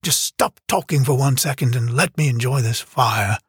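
A man's voice: medium pitch, normal speed, husky, dry recording, studio quality. A man voicing a moody, proud twelve-year-old boy in an audiobook, answering curtly and defiantly. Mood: sulky. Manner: curt, sulky, defiant. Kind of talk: audiobook character reading.

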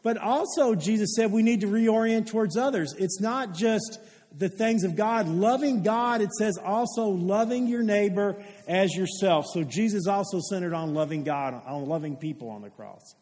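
This man is a pastor giving a sermon built on stories, earnest in tone and questioning his congregation as he goes. His high, slightly mellow voice has lively intonation and a moderate pace. The hall reverb is long.

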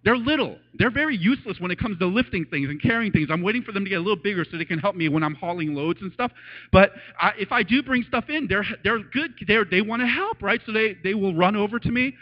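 A man preaching a casual, animated sermon as a pastor, telling stories and acting out voices with laughs. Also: high-pitched, fast talker. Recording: dull lo-fi sound.

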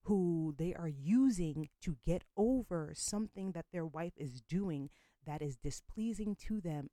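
Blunt, profane woman with a low, dark voice. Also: no echo. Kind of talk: storytime vlog monologue.

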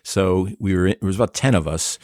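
Low-voiced man telling old stories. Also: a little fast, a little mellow, dry recording, clean studio sound. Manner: anecdotal, self-deprecating. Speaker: guest, former radio promotions man. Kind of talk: casual storytelling chat.

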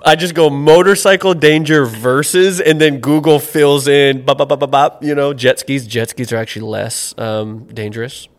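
A man's voice: fairly high pitch, normal speed, few pauses. Chatty man with rambling fillers. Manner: rambling, animated storyteller with many fillers. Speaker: podcast co-host. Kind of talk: casual chat.

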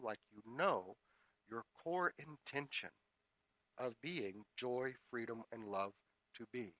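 Male minister, spiritual sermon, bright, forceful tone, dry close sound, measured repeating cadence. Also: medium pitch, dry recording, poor audio. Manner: measured, repetitive incantatory cadence.

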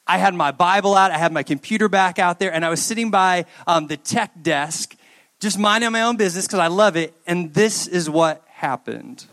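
A young adult man giving a youth sermon, telling a personal story in an animated way and acting out the dialogue. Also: sits high, moderate pace. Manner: animated storyteller, acts out dialogue in quoted voices.

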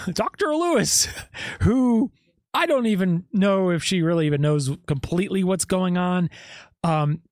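A man's voice: high voice, no echo, clean studio sound. A man hosting a podcast, giving skeptical true-crime commentary full of rhetorical questions. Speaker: podcast host.

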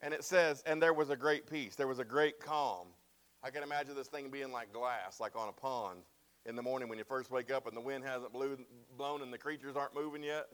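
A man's voice: medium pitch, a little fast, a bit bright. A man preaching a sermon with emphatic, repeated phrases, often asking "right?" and "amen?". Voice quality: bald-headed preacher, self-described.

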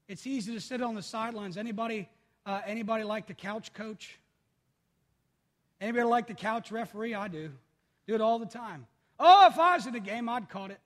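A male pastor preaching a sermon, swinging from loud exclamations to quiet asides. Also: sits high, long reverb tail.

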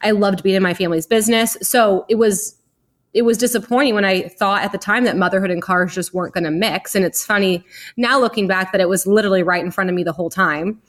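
A woman's voice: mid-range voice, fast talker. A woman in her thirties, a podcast guest, telling her story in a chatty way with many "like"s. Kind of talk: casual interview.

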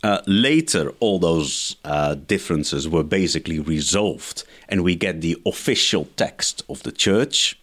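A man's voice: low voice, expressive, a little slow, few pauses, fairly bright tone. A man, a scholar guest in an interview, giving methodical explanatory answers point by point. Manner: lecturing, methodical, enumerates points.

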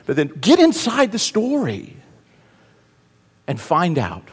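A man preaching a sermon, telling the story with animated delivery that swings from loud cries to hushed asides. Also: sits high, slow pace, husky. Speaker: pastor. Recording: long reverb of a large hall.

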